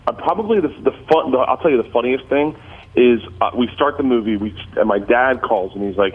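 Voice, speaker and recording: A man's voice: medium pitch, a little fast, breathy edge, narrow, tinny audio. A male comedian guest telling stories in casual chat, rambling and restarting his sentences.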